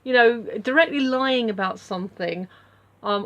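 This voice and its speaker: A woman's voice: mid-range voice, normal speed, fairly bright tone. Rambling woman vlogging at home. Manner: rambling, with many fillers and restarts. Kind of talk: casual chat to camera.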